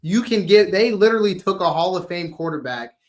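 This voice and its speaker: Young male co-host, high voice, slangy animated sports chatter. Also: brisk. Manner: animated, uses slang, acts out quotes. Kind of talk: casual sports talk.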